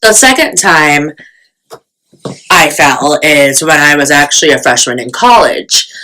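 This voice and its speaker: A woman's voice: low voice, expressive, a little slow, sharp tone, faint music behind, poor audio. A young woman vlogger telling a storytime in casual, chatty talk, full of fillers and self-mocking asides.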